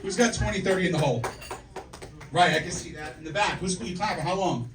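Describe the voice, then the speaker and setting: A man's voice: sits high, quick pace. A man in his forties doing a stand-up set, telling brash, profane stories and working the crowd, with frequent "okay?" and "right?" asides. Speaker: stand-up comedian. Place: comedy club stage. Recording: echoey club from a distance, loud room noise.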